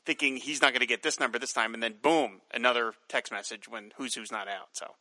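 A man co-hosting a casual podcast, reading listener mail with relaxed, dry jokes. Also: mid-range voice, fairly quick, no room sound, rough recording. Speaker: podcast co-host.

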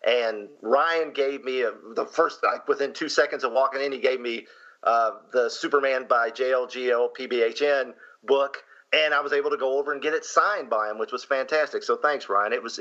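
A father chatting on a podcast in a halting way, often restarting his sentences. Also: mid-range voice, bright, forceful tone, lo-fi sound. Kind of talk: casual podcast chat.

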